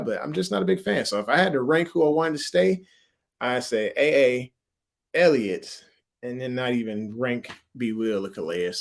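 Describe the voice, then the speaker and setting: A man from Louisiana hosts a casual sports livestream, talking with a mixed Southern and military accent. His delivery is animated and slangy, and he breaks into laughs often. His voice sits at an ordinary middle pitch. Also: gravelly. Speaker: livestream host.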